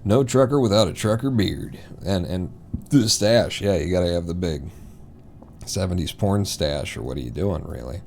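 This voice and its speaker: A man's voice: low-pitched, lively intonation, moderate pace, creaky, slight background noise. Rambling male streamer, swearing at the game. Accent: East Coast American, put on. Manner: rambling, swears loudly when frustrated. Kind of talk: live gameplay commentary.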